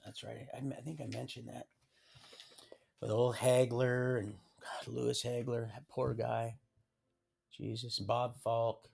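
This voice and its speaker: Male streamer, mid-pitched, halting and rambling, reads documents aloud with dry asides. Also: creaky, darkish tone. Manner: halting, many restarts and trailing sentences. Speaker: livestream host. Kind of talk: rambling personal storytelling.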